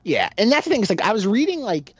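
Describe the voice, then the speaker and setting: A man chatting casually on a movie podcast, rambling with a constant "like" and acting out lines from the films. His pitch swings widely as he talks. The sound is dry and a little dull, like a home mic with the top end cut. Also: fast talker, slightly rough, no room sound. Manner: rambling, heavy use of "like", lively impressions. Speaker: podcast co-host. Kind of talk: casual film discussion.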